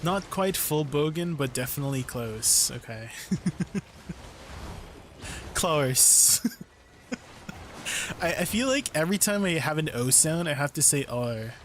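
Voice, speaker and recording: Male streamer, slightly high voice, unhurried and playful, faint background hiss. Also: expressive. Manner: laughs often, chatty and playful. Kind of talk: casual live-stream chat.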